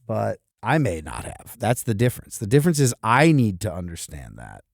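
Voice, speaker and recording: A man's voice: on the low side, moderate pace, gravelly, no echo, clean studio sound. A man co-hosting a podcast, chatting casually and joking around with lots of laughter. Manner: animated, jokey, laughs often. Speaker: podcast co-host. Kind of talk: casual chat.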